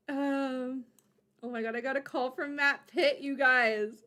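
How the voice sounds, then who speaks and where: A woman streamer chatting casually to her live audience, excitable and rambling, often restarting her sentences. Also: a little high, normal speed.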